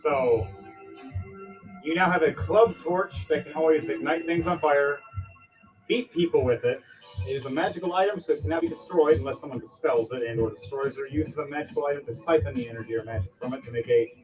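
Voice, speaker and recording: A man narrating a tabletop role-playing game as game master, animated and laughing often, with casual swearing. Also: on the high side, fairly quick. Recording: dull lo-fi audio with faint music.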